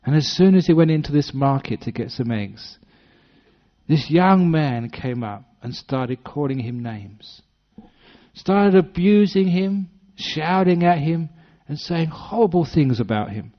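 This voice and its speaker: Gentle storytelling English monk. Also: male voice, a little high, expressive, measured pace. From British-born, based in Western Australia. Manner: gentle humorous storytelling with acted voices. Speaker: Buddhist monk giving a dharma talk. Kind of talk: storytelling dharma talk. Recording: dull lo-fi talk recording.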